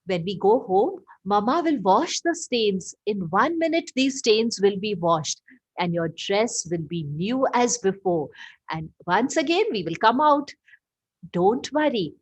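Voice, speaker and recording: A woman's voice: medium pitch, animated, a little slow, husky, poor audio. A woman voicing a kind father who soothes and reassures his son in a story. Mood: soothing.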